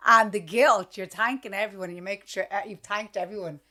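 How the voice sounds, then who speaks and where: A woman's voice: mid-range voice, fairly even intonation, fairly quick, pushed and bright. A woman with an Irish accent, co-hosting a podcast in casual chat, blunt and teasing and swearing freely. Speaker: podcast co-host.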